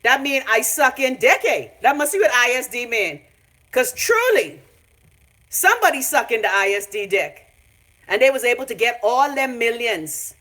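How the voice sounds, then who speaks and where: A woman's voice: a little high, big pitch swings, moderate pace, a bit bright. A Bahamian woman ranting on a phone live stream from her home, brash, profane and mocking. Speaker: vlogger.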